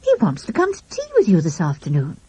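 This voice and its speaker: A woman's voice: on the low side, wildly swooping pitch, quick pace, warm tone, slightly rough, no room sound, full character voice. A woman voicing a polite, genteel mother who speaks courteously on the telephone. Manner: courteous and apologetic.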